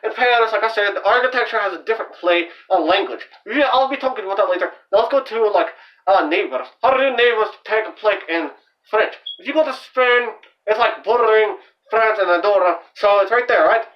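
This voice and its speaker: A man's voice: high voice, brisk. A young man hosting his own channel, explaining language in a loose, rambling way full of fillers and restarts. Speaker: channel host. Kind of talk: casual amateur language explainer. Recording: dull, distant lo-fi home recording.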